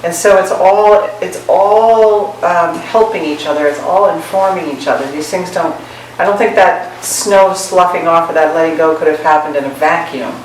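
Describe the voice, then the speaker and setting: Woman Zen teacher, casual storytelling dharma talk, slightly low voice, distant mic, strong room echo. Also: normal speed, a little hiss or hum. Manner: chatty, laughing often, self-mocking stories. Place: meditation hall. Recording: echoey room, mic far off.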